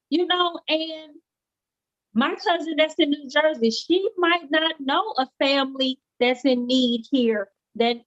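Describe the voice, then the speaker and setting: Guest: earnest high-voiced woman, repeats lines for emphasis, dry close sound. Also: a bit bright, no room sound, muffled recording. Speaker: homecare business owner, guest. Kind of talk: casual live interview chat.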